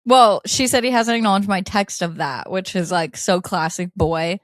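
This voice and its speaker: A woman co-hosting a casual advice podcast, talking in an animated way with frequent laughs and reading listener letters aloud. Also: mid-range voice, normal speed, dry recording, studio quality. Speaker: podcast co-host.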